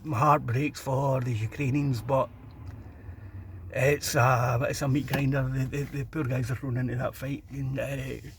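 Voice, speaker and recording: A man's voice: mid-range voice, level tone, a little slow, a little hiss or hum. A middle-aged Scottish man delivering a blunt, ranting opinion monologue, stumbling over repeated restarts. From Scotland. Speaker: vlogger.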